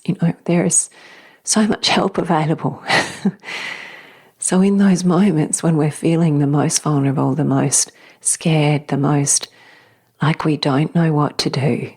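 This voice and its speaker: A woman hosting a spiritual podcast, speaking softly and slowly in a whispery, reflective way. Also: sits low, gravelly, husky. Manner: soft, slow, often whispery and emotional. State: tearful at times. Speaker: podcast host.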